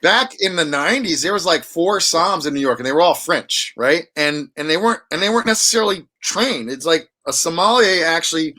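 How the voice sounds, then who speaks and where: Male guest, bright tone, slightly high, loose rambling delivery. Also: expressive, fairly quick, hardly any pauses. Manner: rambling, many restarts and fillers. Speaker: wine auctioneer and guest. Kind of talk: casual interview chat.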